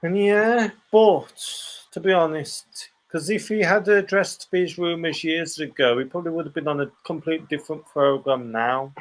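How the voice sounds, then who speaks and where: A man's voice: on the high side, normal speed, hardly any pauses. A young man, a student, co-hosting a podcast and giving rambling opinions in casual chat. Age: young adult. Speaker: podcast co-host.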